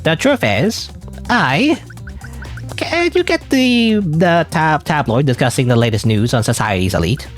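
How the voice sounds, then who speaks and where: A man's voice: on the high side, sing-song, unhurried, faint music behind, voice pushed up. A man voicing a pompous game customer who speaks in theatrical, old-fashioned flourishes.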